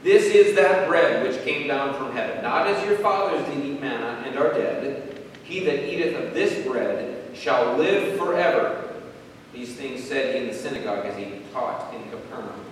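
Preacher in a big echoey hall. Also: male voice, mid-range voice, lively intonation. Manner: rises from hushed earnest questions to loud slow emphatic preaching; reads scripture in King James wording. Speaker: pastor. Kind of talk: sermon. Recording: echoey hall, distant mic, faint room noise.

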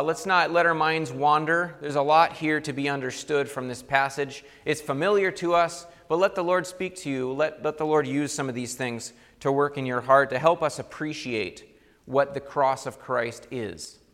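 A man's voice: mid-range voice, fairly bright tone, long reverb tail. A man preaching a sermon and reading scripture aloud with rising and falling emphasis. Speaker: pastor.

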